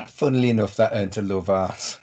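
A man's voice: lowish voice, brisk, darkish tone. A man co-hosting a casual film podcast, enthusiastically giving his verdicts on scenes. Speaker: podcast co-host. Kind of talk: casual chat.

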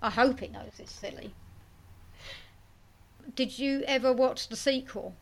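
A woman's voice: sits high, measured pace, creaky. A woman co-hosting a casual film podcast, chatty and self-mocking as she reads out listener comments. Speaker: podcast co-host.

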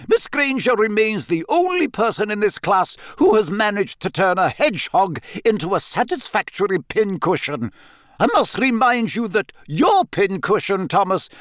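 A man voicing a strict older female professor with a crisp, scolding delivery. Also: high voice, no room sound, studio quality, pitched above the performer's own voice.

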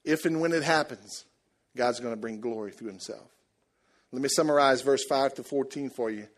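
A man preaching a sermon, telling the story in a lively, joking way and acting out the people in it. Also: mid-range voice, moderate pace. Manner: animated, jokey storytelling, acts out voices. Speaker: pastor.

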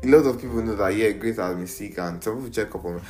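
A man's voice: fairly low pitch, quick pace, darkish tone, faint music behind. A young man with a Nigerian accent hosting a casual solo podcast, playful and rambling, mixing in pidgin slang, recorded on an iPad. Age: young adult. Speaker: podcast host.

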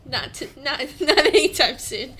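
A woman's voice: high-pitched, very animated, unhurried, bright, forceful tone. A young woman co-hosting a podcast in casual, giggly chat, with the hiccups. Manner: giggly, chatty. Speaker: podcast co-host.

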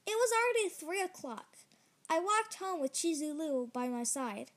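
A woman hosting a storytime show, reading a children's book aloud in a lively, expressive way. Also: high-pitched, a little slow. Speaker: storyteller host.

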